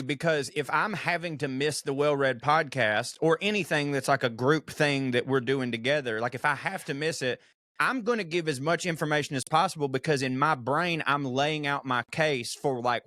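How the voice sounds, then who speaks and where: Southern dude joking around on a podcast, quick jabs, dry close sound. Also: male voice, medium pitch, bright, forceful tone, no room sound. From American South. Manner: joking, chatty with quick interjections. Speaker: podcast co-host. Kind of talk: casual podcast banter.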